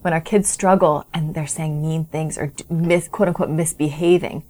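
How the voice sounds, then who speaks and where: A woman co-hosting a casual parenting talk, reading listener questions and acting out parents' thoughts in lively asides. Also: sits low, normal speed. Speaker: parenting podcast co-host. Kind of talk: casual chat.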